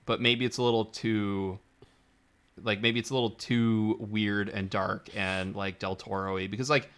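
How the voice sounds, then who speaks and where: A man's voice: fairly low pitch, little pitch movement, a little slow, fairly bright tone, clean tone. A man co-hosting a podcast, chatting enthusiastically with frequent restarts. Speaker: podcast co-host. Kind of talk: casual chat.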